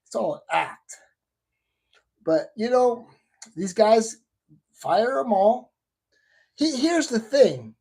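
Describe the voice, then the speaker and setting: A man chats loosely on his own livestream, wandering between topics and restarting his sentences often. His voice is mellow and dark, with a husky edge. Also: high-pitched, big pitch swings, slow pace, long pauses. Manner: rambling, with many restarts and asides. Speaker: shaving livestream host. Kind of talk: casual live chat.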